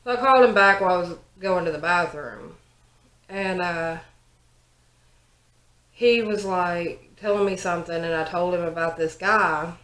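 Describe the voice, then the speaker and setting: A young woman chats through a makeup routine, telling a story with plenty of likes and ums. Her voice is bright and pitched a little low for a woman. The sound carries the echo of a bare room. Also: unhurried, long pauses. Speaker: vlogger, 911 operator. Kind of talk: casual get-ready-with-me chat. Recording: roomy home recording.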